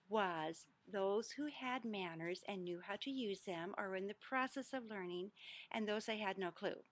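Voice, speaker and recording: A woman's voice: mid-range voice, fairly bright tone. Earnest woman giving parenting advice. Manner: earnest, instructive, emphatic. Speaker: parenting coach. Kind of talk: direct-to-camera advice talk.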